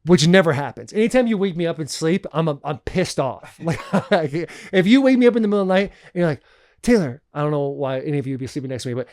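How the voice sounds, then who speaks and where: Male podcast co-host, casual storyteller, profane and animated, smooth clean voice, dry close mic. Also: a little high, fast, no room sound. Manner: animated, profane, laughs often.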